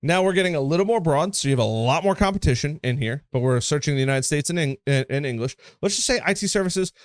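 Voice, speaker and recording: A man with a fairly high voice talks through a screen-share marketing tutorial, casual and emphatic. He keeps checking in with "right?" and pushes his points with energy. The sound is dry and close, with no room around it. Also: expressive, fast talker, no room sound. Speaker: marketing coach.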